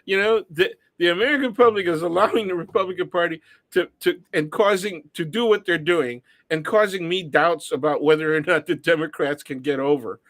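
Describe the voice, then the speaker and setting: Male co-host, high voice, dry and close to the mic, argumentative and laughing often. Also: a little fast, hardly any pauses, fairly bright tone, no room sound. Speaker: co-host commentator. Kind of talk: casual political chat.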